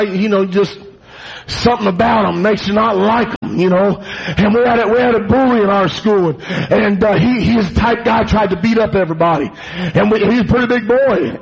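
A man preaching a fiery revival sermon, shouting his refrains with passion. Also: high-pitched, vocal fry, husky, highs cut off.

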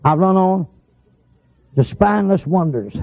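A man's voice: sits high, expressive, slow pace. A man preaching a sermon in a folksy, storytelling manner that climbs to emphatic hollers. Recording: tinny phone-like sound.

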